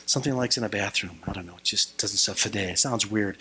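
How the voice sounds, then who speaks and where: A man's voice: lowish voice, fast talker, pushed and bright. A middle-aged man, a retreat speaker, giving a playful, jokey youth sermon and leading the crowd in call-and-response.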